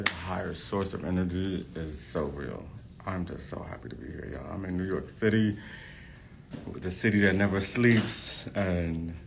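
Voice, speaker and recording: A man's voice: sits low, creaky, a little hiss or hum. A hairstylist talking to his followers in a casual, effusive vlog, gushing and repeating himself.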